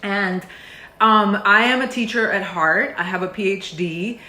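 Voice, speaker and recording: A woman's voice: medium pitch, measured pace, pushed and bright. A middle-aged woman talks with heartfelt earnestness, circling back and restarting her thoughts with plenty of fillers. Her voice sits in a middle register. The recording carries a noticeable roomy echo. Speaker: meditation teacher. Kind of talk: heartfelt talk to camera.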